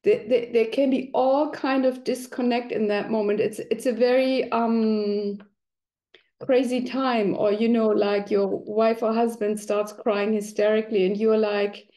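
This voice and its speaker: A woman's voice: fairly high pitch, steady tone, measured pace, warm tone. A middle-aged woman talking conversationally, now and then acting out quoted voices. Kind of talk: explanatory talk.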